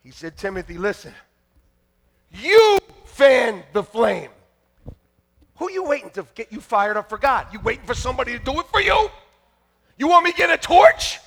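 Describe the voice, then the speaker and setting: A man preaching a fiery sermon to his church, shouting and joking by turns. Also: very high voice, big pitch swings, normal speed, long pauses. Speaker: pastor. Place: church sanctuary.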